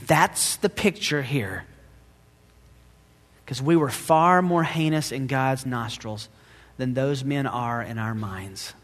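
A man's voice: mid-range voice, takes it slowly, long pauses. A man preaching a dramatic sermon in a reverberant church. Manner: dramatic, swings between loud emphasis and hushed asides. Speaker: pastor.

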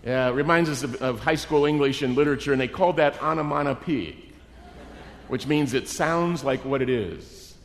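A middle-aged man preaching a sermon in an animated way, acting out the characters in his story. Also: mid-range voice, normal speed. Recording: long reverb of a large hall.

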